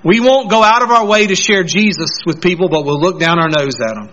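A pastor preaching a sermon, earnestly putting questions straight to the congregation. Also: male voice, sits high, a little fast, fairly bright tone, highs cut off.

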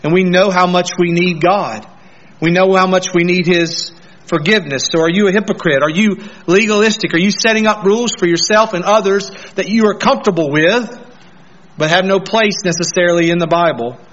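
A pastor preaching a sermon, earnestly putting questions straight to the congregation. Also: male voice, high voice, fairly quick, a bit bright, muffled recording.

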